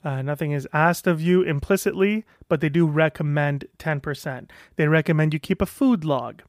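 A man's voice: on the high side, normal speed, no room sound, clean studio sound. A man casually describing his own experience, rambling with frequent restarts and frank, sometimes profane language. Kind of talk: casual talk to camera.

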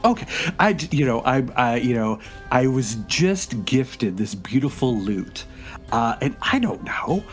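A man's voice: mid-range voice, big pitch swings, a little slow, soft background music. A man playing an overly polite, wordy bard who stammers out long apologies and questions. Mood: fretful. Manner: rambling, apologetic, stammering courtesy.

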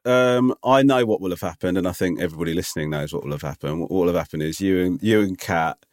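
A man's voice: low voice, fast talker, darkish tone, no room sound, clean studio sound. A man co-hosting a podcast, chatting casually and teasing his co-host with mock-scolding banter. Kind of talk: casual chat.

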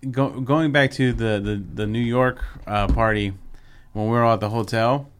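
A man's voice: medium pitch, steady tone, normal speed, slight background noise. A man co-hosting a casual wrestling chat, telling stories and acting out what people said. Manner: chatty storyteller, acts out quotes. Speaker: podcast co-host.

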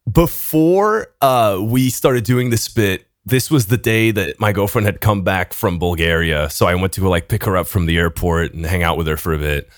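A young man, a podcast co-host, telling an animated story in casual chat, swearing often and laughing between lines. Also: low voice, moderate pace, hardly any pauses, dry recording, studio quality.

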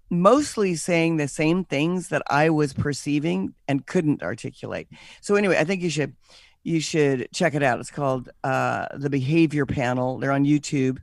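A woman talks in a loose, casual podcast chat. She is blunt and animated, slipping into little acted-out quotes and swearing without a second thought. The recording is dry and close, with no room sound. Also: sits low, no room sound.

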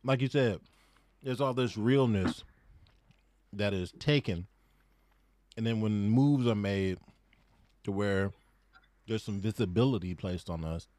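A man hosting a casual podcast chat, talking in an animated way and laughing often. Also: fairly low pitch, slow pace, pauses often, no room sound. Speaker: podcast host.

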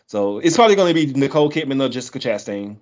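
A man's voice: mid-range voice, very animated, racing, a little mellow, slight background noise. Man, podcast host, casual chat, rattles off lists, dull lo-fi audio. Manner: rattles off lists, chuckles easily. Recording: dull lo-fi sound.

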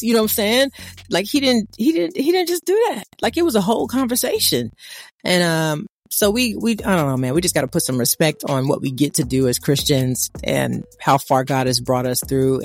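A woman, co-hosting a casual faith talk and preaching in an animated, conversational way. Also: on the low side, no echo. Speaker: podcast co-host.

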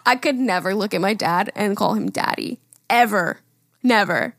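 A woman's voice: medium pitch, normal speed, a bit bright, dry recording, clean studio sound. A woman co-hosting a casual podcast, reading listener stories aloud in a blunt manner, swearing freely. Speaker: podcast co-host.

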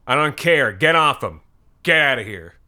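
A man's voice: mid-range voice, big pitch swings, moderate pace, bright, forceful tone, pitched above the performer's own voice. A man voicing a stern, harsh uncle who barks short commands. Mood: angry. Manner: barked, curt commands.

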